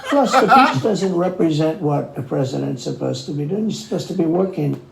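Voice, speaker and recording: A man's voice: fairly high pitch, animated, fairly quick, vocal fry. An older man giving blunt, mocking interview answers and repeating his points. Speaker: interview guest. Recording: roomy interview audio with faint hiss.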